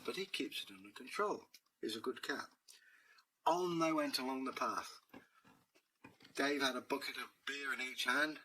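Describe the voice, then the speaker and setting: Male storyteller, wry and chatty, bright tone, faint noise. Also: medium pitch, low-quality recording. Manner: wry and conversational. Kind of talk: casual storytelling narration.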